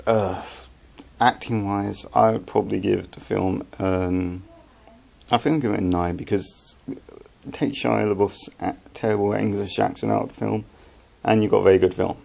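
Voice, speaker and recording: A young man with a low, gravelly voice talks through a film review in a loose, unscripted way. He stumbles, restarts and fills his pauses with ums as he talks. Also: fairly even intonation, a little mellow. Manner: halting, many fillers and restarts. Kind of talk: casual spoken film review.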